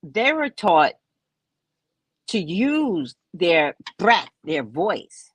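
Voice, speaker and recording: A woman host telling a story in casual chat, mocking and animated, laughing often and jumping high when exasperated. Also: drawn-out words, breathy edge, dry recording. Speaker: podcast host.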